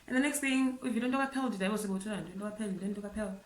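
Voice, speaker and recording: A woman from South Africa telling a grieving story to camera, halting and tearful, often repeating herself and saying "like" and "guys". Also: mid-range voice, roomy sound, rough recording. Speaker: vlogger.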